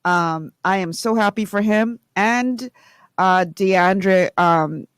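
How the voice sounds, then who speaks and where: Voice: mid-range voice, slow pace, clean tone, no room sound, studio quality. A speaker from the Bahamas, giving earnest, reflective open-line commentary on talk radio. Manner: earnest and reflective, praising warmly.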